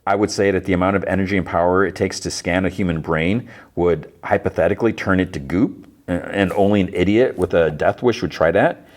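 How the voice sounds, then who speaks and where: A man's voice: low voice, fairly quick, lightly acted. Man reading as a mild tech ethicist man. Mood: earnest. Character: mild-mannered adult male tech ethicist.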